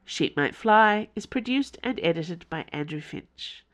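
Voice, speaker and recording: Low, slow-reading woman narrator. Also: animated. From Tasmania, Australia. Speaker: author and podcast narrator. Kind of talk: scripted fiction narration.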